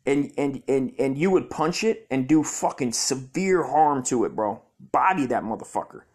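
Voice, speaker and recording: Ranting alone on his podcast, a young Southern Californian host swears and mutters frustratedly at his computer. He speaks at a moderate pace in a mid-range voice that is a little mellow with a breathy edge and lively intonation.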